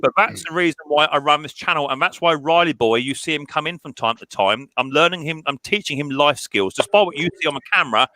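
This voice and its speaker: Casting note: man, a bit high, bright and forceful in tone, close and dry sound, emotional live-stream storyteller. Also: fast, hardly any pauses, dry recording. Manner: emotional, storytelling with many restarts. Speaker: mower repair channel host. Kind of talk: live stream group chat.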